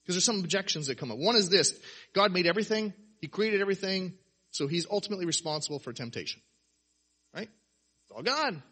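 Animated male preacher with a bright, husky voice. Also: sits high, fast. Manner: animated, rhetorical questions, acts out quotes. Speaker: pastor. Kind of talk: sermon.

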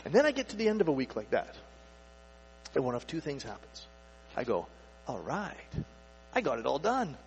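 A man preaching in a slightly high voice that rings around a hall with a long echo. He talks casually, tosses in rhetorical questions and acts out people's inner thoughts. A faint electrical hum sits under the recording. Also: very animated, a little fast, long pauses. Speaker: pastor. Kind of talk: sermon. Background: faint mains hum.

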